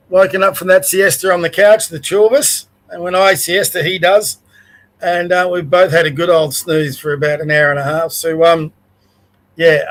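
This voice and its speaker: An Australian man with a notably high-pitched voice hosts his own show. He talks in a plainspoken, conversational way, whether reading scripture aloud or ranting about the day's news. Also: low-quality recording. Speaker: podcast host. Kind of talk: Bible reading and casual news rant.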